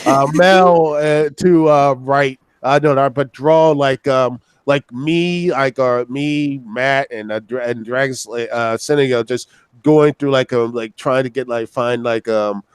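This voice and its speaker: A man's voice: mid-range voice, a little slow, smooth, dry recording. A young man chatting casually on a group call, rambling with lots of fillers and acting out quotes.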